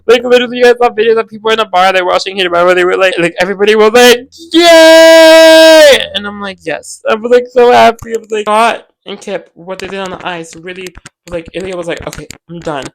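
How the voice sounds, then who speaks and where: Young adult host, excitable fan-chat delivery, middle-pitched, dry close sound. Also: quick pace, vocal fry, dry recording, low-quality recording. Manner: gushing, excitable, heavy filler use. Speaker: podcast host. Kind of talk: casual show recap to viewers.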